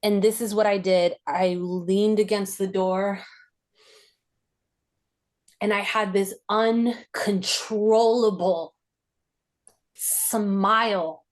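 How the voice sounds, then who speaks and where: Slow, reflective woman recounting a memory. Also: medium pitch. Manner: reflective and halting, with many "like" fillers. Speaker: podcast host. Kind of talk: personal recollection in a podcast interview.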